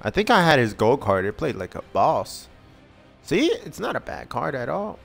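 Excitable man narrating gameplay. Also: medium pitch, moderate pace, vocal fry, soft background music. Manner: excitable, pleading with the game for good pulls. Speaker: gaming channel host. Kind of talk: casual game commentary.

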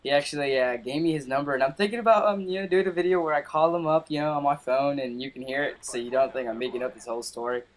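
A man's voice: on the high side, fast, hardly any pauses, a little hiss or hum. Rambling young man with lots of fillers. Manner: rambling, many fillers and restarts. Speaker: gaming channel host. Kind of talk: casual update vlog.

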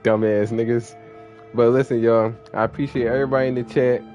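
Slangy, excitable young man streaming. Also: medium pitch, brisk, dull audio, faint music behind. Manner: slangy, excitable, swears and laughs a lot. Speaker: game streamer. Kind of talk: casual live-stream banter.

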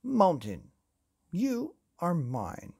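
A man's voice: high voice, wildly swooping pitch, unhurried, vocal fry, mellow, breathy edge, pitched above the performer's own voice, heavily acted. A man reading a storybook aloud, voicing a proud, greedy man who demands that everything belong to him. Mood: domineering. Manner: boastful, demanding.

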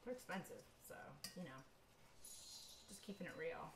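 A woman chatting her way through a live cooking stream, slangy and quick to laugh. She sounds set back from the mic in an echoey kitchen, with frying sizzling behind her. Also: low-pitched, expressive, creaky, distant mic, noisy background. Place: home kitchen. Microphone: camera held by someone else.

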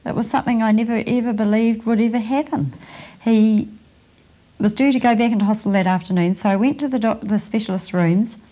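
A woman giving a testimony as a mother, earnest and halting, with emotion. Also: on the high side, mellow.

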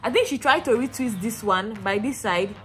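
A woman's voice: a little high, moderate pace, faint music behind. A young woman from Nigeria with a Nigerian accent, chatting casually to camera in a hair vlog, rambling with many fillers and restarts. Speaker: hair vlogger.

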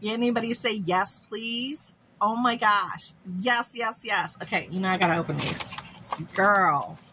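A woman beauty vlogger unboxing friend mail, gushing and excitable, calling her viewers "girl". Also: mid-range voice, unhurried, background noise.

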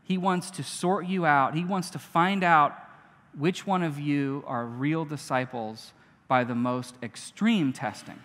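A man preaching a sermon as a pastor, conversational and animated, often acting out what people say. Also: a little high, a little slow, big-room sound. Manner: conversational, animated, acts out quotes. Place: church.

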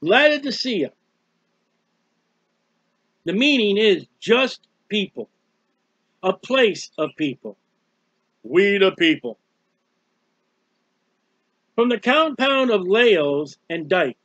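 High-pitched male preacher, scolding and preachy, dry and muffled recording. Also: sing-song, slow, long pauses, fairly bright tone, no room sound. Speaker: street preacher. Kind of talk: fiery sermon.

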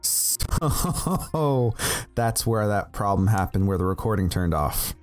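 Over desktop voice chat with faint music behind him, a man with a lowish, animated voice rambles slowly before a tabletop game, explaining his setup. He laughs often and keeps restarting his sentences.

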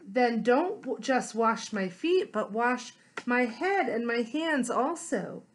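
A man's voice: extremely high pitch, expressive, slow, slight background noise, exaggerated voice. A woman reading the quoted words of an earnest, devoted male disciple from a children's story.

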